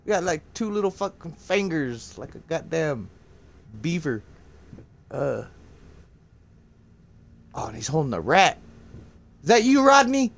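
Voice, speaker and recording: A man's voice: on the high side, animated, measured pace, vocal fry, long pauses. A young man live-streaming a horror game, swearing constantly and screaming when startled. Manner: profane, jumpy, screams in fright.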